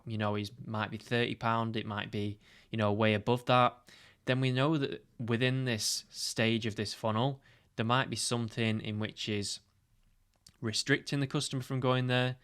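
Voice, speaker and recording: A man's voice: on the low side, a bit bright, smooth. A man coaching on ad marketing, explaining step by step in a casual tutorial with many "you know" fillers. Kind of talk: screen-share tutorial.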